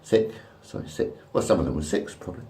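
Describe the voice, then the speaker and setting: A man's voice: sits low, lively intonation, fast, mellow. A man in his fifties rambling crudely and repetitively to a camera at home. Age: 50s. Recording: echoey room.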